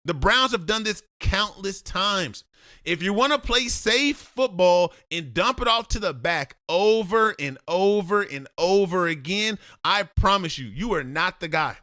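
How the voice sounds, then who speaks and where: A man's voice: high voice, lively intonation, a little slow, bright, forceful tone, no room sound, clean studio sound. A man breaking down game film as a football analyst, blunt and lecturing, talking straight at the player he critiques.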